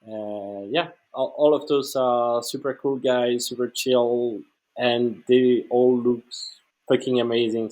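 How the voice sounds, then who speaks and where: Man, English, middle-pitched, laid-back podcast guest. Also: rough recording. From Switzerland. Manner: relaxed, easygoing, repeats "like" and "uh" often. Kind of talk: casual conversation.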